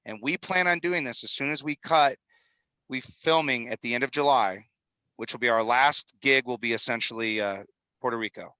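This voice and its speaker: A man in his fifties speaks as an interview guest with a bright, forceful tone. He talks energetically, rambling from point to point with a salesman's push. The recording is dry and close. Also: medium pitch, moderate pace, no echo, poor audio. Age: 50s. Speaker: guest, film executive producer. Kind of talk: animated podcast interview talk. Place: studio in Utah.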